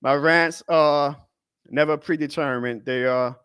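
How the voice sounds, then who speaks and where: A man hosting a live fan stream, ranting in a heated, profane way that swings up to shouting. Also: a little high, fairly even intonation, measured pace, clear, resonant tone, dry recording, studio quality. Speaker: fan show host.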